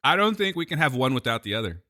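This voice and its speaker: A man's voice: mid-range voice, very animated, racing, sharp tone. A man co-hosting a podcast, bantering in casual chat with dry teasing jokes. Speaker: podcast co-host.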